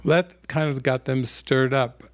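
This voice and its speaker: A male spiritual teacher speaking at a middle, even pitch, unhurried and conversational as he tells a story. The recording is close and dry, with no room sound. His talk moves through scenes and teaching points in a calm, plain manner. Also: no room sound. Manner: storytelling, retells scenes with acted quotes. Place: online retreat session.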